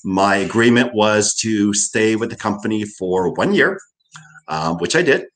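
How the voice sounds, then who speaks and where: A man's voice: fairly low pitch, animated, unhurried, a bit bright. An older man from Hawaii with a Hawaiian Pidgin accent, a guest telling stories in a casual interview, often repeating "right".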